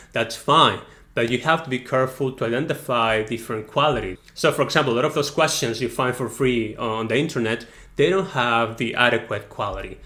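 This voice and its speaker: A man's voice: mid-range voice, a bit bright. Man teaching exam prep, checking in. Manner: explains step by step, often checks in with "okay?" and "right?". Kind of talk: online exam-prep lesson.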